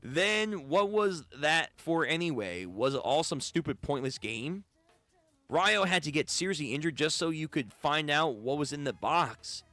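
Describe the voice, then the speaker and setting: A man's voice: fairly high pitch, lively intonation, a little slow, no echo, soft background music. Cast a man playing an enraged young brawler spitting insults, voice swinging widely. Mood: indignant. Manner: shouting insults, angry. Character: hot-headed young man, furious and insulting.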